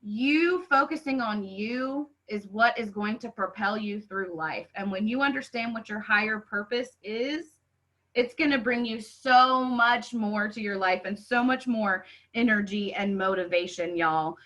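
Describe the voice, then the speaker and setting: A woman's voice: medium pitch, a little slow, fairly bright tone, poor audio. Fired-up woman coaching. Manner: fervent, preachy, says "y'all" often. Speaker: podcast host and life coach. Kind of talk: motivational podcast monologue.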